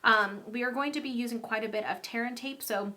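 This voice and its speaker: A woman's voice: fairly high pitch, brisk, sharp tone, a little hiss or hum. A young woman chatting casually and upbeat through a card-making tutorial, with frequent ums.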